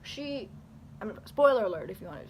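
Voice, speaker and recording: A woman's voice: medium pitch, big pitch swings, quick pace, a little mellow, a little hiss or hum. A young woman rambling animatedly through casual commentary to her camera, full of fillers and restarts. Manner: talks with her hands. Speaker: YouTuber. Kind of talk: casual talking-head commentary.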